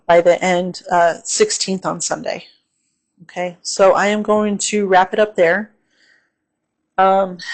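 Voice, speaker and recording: Brief: woman, lower-pitched, casual astrology host, filler-heavy, keeps asking "okay?". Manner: chatty, many fillers and "okay?" check-ins; repeats gentle safety warnings. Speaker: astrology reader.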